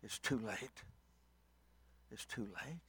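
A man voicing old Noah, speaking quietly and gravely from inside the ark. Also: fairly low pitch, lively intonation, takes it slowly, full character voice.

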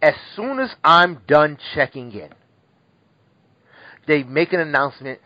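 A man telling a rambling, profane story in casual chat, animated and full of restarts. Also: fairly high pitch, a little slow, no room sound. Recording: dull lo-fi recording.

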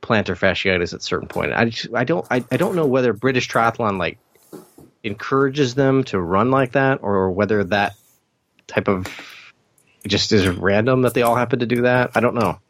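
A man's voice: mid-range voice, moderate pace. A man, a podcast host, chatting and teasing his friend in a casual way. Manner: teasing, talkative. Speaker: triathlon podcast host, guest here. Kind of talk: casual chat. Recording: dull lo-fi line with faint noise.

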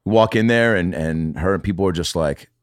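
A man's voice: sits low, normal speed, dry recording. A man chatting casually as a podcast guest, telling stories with lots of swearing and acted-out quotes. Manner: animated storyteller, swears, acts out quotes. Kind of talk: casual chat.

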